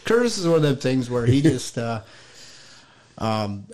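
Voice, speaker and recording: A man from Michigan, chatting casually as a podcast guest in a rambling, joking way with many halting fillers. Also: medium pitch, very animated, noisy background. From Michigan, USA. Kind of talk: casual chat.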